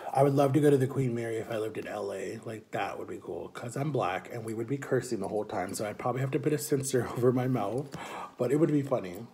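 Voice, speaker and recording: A man's voice: mid-range voice, a little mellow, slight background noise. A man chatting casually and upbeat in a vlog, filling his talk with "like". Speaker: vlogger.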